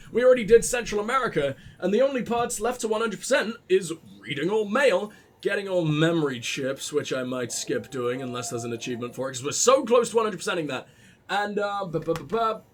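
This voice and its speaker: Male let's play host, high lively voice, profane, rambling, tired. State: tired after a late night. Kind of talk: video game commentary.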